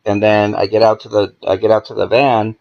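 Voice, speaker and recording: Guy with a low gravelly voice swearing his way through a story, kinda muffled lo-fi sound. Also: a little fast. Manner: profane, animated, acts out quoted dialogue. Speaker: podcast guest. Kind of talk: casual storytelling.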